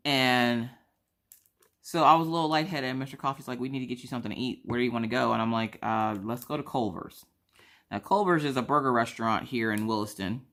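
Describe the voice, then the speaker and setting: A woman from South Carolina with a mixed Southern accent, chatting casually and telling a story while acting out the people in it. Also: extremely low pitch. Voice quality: animated, acts out other people in the story. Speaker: craft vlogger.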